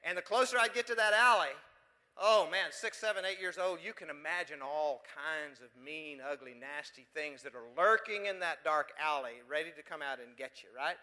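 High bright-voiced preacher man. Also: normal speed, long reverb tail. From West Texas. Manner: emphatic, rhetorical questions to the congregation. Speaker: pastor. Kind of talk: sermon.

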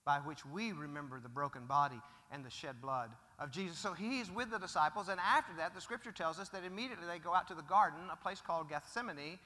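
A male pastor delivers an emphatic sermon, his voice sitting high and ringing bright. He swings between booming declarations and hushed asides. Long reverb from a large church hall trails each phrase. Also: fast, hardly any pauses.

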